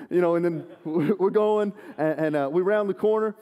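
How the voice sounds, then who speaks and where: A man preaching a sermon, an animated, self-deprecating storyteller. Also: high-pitched, normal speed, highs cut off. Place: church sanctuary. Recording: long church hall reverb.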